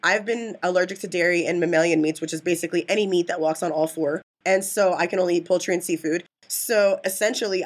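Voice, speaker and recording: Woman podcast cohost, talks fast and emphatic, lowish voice. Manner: chatty and emphatic. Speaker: podcast co-host. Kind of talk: casual chat.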